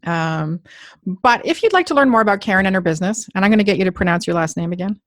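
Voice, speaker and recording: A woman's voice: medium pitch, lively intonation, quick pace, no echo, clean studio sound. A middle-aged woman hosting a podcast, chatting casually and joking, with the odd swear word. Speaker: podcast host. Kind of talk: casual interview chat.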